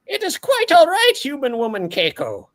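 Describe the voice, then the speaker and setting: A game master voicing a giant floating orb with eye stalks who is mayor of a town, formal and doting, speaking in a high lilting voice and calling itself by name. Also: huge pitch swings, moderate pace. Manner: stiff, courtly phrasing, addresses people by species.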